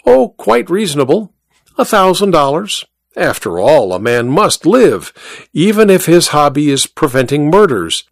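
A man's voice: a little high, very animated, measured pace, creaky, no room sound, voice pushed up, exaggerated voice. A man voicing a sly little male druggist who mocks his customer with chuckles and smug teasing.

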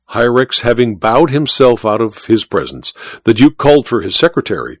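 A man narrating a story in an expressive audiobook style. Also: mid-range voice, normal speed, few pauses, no echo.

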